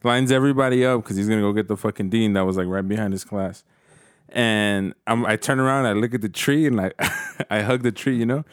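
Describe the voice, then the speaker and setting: A man's voice: on the low side, fairly quick, smooth, no echo, studio quality. A man casually telling a profane story to friends, laughing as he goes.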